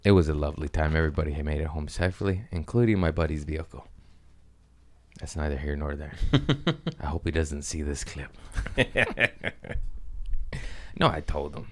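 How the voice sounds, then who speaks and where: Low-voiced man rambling through funny stories. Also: lively intonation, moderate pace, pauses often. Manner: loose, rambling, swearing and laughing at his own stories. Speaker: podcast host. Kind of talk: casual storytelling chat.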